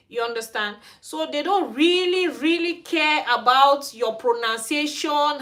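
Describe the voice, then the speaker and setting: Her voice is high and a little bright. She's a Cameroonian woman with a matching accent, hosting her hair care channel on a livestream in Sweden, where she chats frankly and goes off on a rant.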